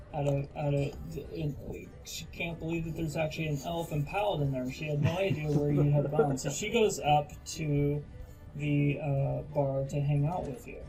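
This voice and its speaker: Halting man running a tabletop game. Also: fairly high pitch, gravelly, dark tone, poor audio. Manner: halting, full of fillers. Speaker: game master.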